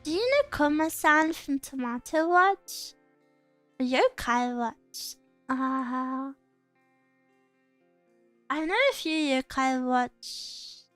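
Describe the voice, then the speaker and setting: Speaking very slowly with frequent pauses, a young Englishwoman with a high-sitting voice chats casually as a streamer over faint music. The recording is dry. She reads viewer comments, giggling and rambling through animated stories.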